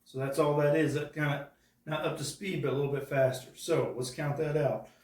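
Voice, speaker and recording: A man's voice: a little high, steady tone, fairly quick, a little mellow. A man teaching a drum part step by step, patiently counting out the rhythms aloud. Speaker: drum instructor. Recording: echoey room from far off.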